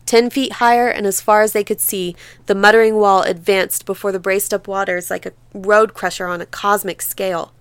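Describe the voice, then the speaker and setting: A woman narrates a novel in a measured, vivid reading. Her voice is smooth and resonant at an ordinary pitch. The sound is dry and close, with no room around it. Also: steady tone, no room sound. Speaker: audiobook narrator. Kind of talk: scripted narration.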